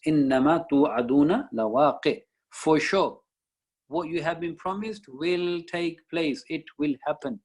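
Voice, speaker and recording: A man's voice: medium pitch, husky, low-quality recording. A man teaching a Quran lesson, reciting verses and explaining each one in English. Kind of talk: Islamic study lecture.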